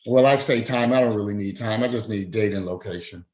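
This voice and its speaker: A man's voice: on the low side, brisk, a little mellow, poor audio. A man presiding as a judge, formally reading out charges, fines and rights in a court hearing. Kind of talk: court proceedings over a video call.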